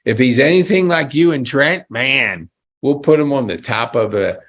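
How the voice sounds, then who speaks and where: A man's voice: mid-range voice, expressive, normal speed, fairly bright tone. A man hosting a casual interview podcast, chatty and enthusiastic with frequent exclamations. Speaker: podcast host.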